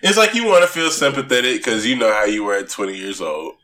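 A man's voice: medium pitch, expressive, fast, bright, forceful tone. A young man co-hosting a podcast in casual chat, loose and joking, laughing often and swearing casually. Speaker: podcast co-host.

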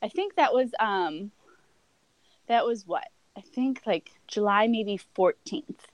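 A woman's voice: mid-range voice, animated, takes it slowly, dry recording, rough recording. Young woman, candid personal storytelling, rambling, lots of fillers, dry recording. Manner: rambling, many fillers and restarts. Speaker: guest.

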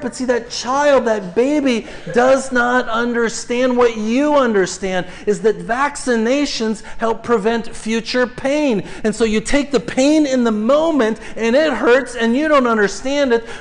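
A man preaching to his congregation, telling a lively story full of acted-out cries, then leading a slow, hushed prayer. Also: extremely high pitch, slight background noise. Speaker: pastor. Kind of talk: sermon. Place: church sanctuary.

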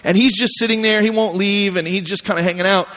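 A man preaching a sermon as pastor, telling stories in a relaxed, conversational way with animated voiced asides. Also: high-pitched, fast talker. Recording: long hall reverb.

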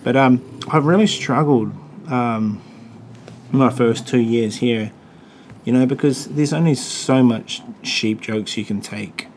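A man's voice: mid-range voice, takes it slowly, darkish tone, a little hiss or hum. A man with a New Zealand accent, hosting a casual podcast chat, crude and joking, swearing freely. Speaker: podcast host.

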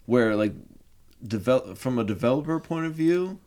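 A man hosting a casual podcast chat, relaxed and rambling, often laughing. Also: medium pitch, moderate pace, smooth. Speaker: podcast host.

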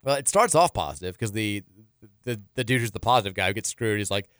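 A man's voice: fairly low pitch, lively intonation, fast talker, a bit bright, no echo. A man hosting a sports radio show in a studio, reading out listener texts in a loose, rambling way with frequent restarts and chuckles.

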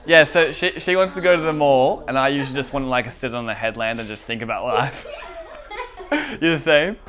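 Young guy, casual storyteller, mid-pitched, laughs a lot. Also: lively intonation, a little fast, a crowd in the background. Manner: laughs often while telling stories; chatty, self-deprecating storytelling. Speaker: podcast co-host. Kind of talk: casual chat.

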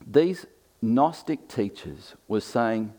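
A man's voice: lowish voice, lively intonation, slow, dark tone. Emphatic male pastor preaching a sermon. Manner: emphatic, varied delivery with asides and humor. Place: church.

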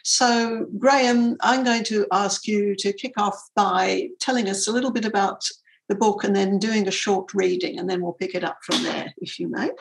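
A woman's voice: mid-range voice, steady tone, moderate pace, creaky, rough recording. A woman interviewer giving an enthusiastic, prepared introduction of a guest author. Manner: enthusiastic, warmly admiring.

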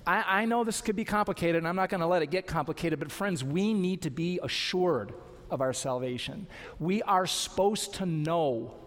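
A man's voice: high-pitched, normal speed, fairly bright tone. A man pastor giving an earnest sermon, pressing his point with rhetorical questions. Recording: long hall reverb.

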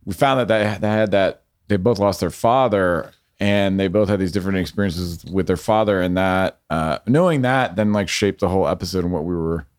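A man's voice: deep voice, fairly quick, few pauses, clean tone. A man who is a filmmaker guest on a podcast, talking reflectively and searching for his words. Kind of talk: casual podcast chat.

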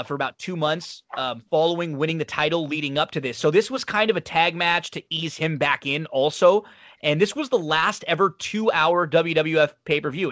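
Bright, chatty man recapping wrestling. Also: a little high, slight background noise. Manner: chatty, rambling with fillers and restarts. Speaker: wrestling podcast host. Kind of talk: casual play-by-play recap.

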